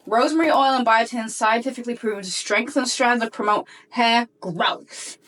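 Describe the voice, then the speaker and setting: A young woman vlogger talks straight to her viewers in a casual unboxing chat. Her voice sits a little high, and she gushes with excitement in quick, eager bursts. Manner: gushing, excitable, fast bursts of chatter. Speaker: beauty vlogger.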